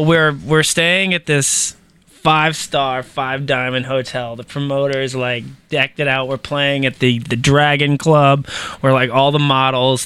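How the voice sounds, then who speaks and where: Bright, crisp man telling a wild story. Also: medium pitch, dry recording. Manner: animated, swearing, slangy, many fillers and restarts. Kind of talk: casual storytelling in conversation.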